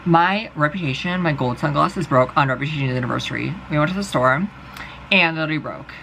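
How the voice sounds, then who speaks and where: A man's voice: fairly high pitch, quick pace, gravelly, pushed and bright, a little hiss or hum, low-quality recording. A young man vlogging, delivering a rambling, profane and exasperated monologue. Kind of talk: casual ranting monologue.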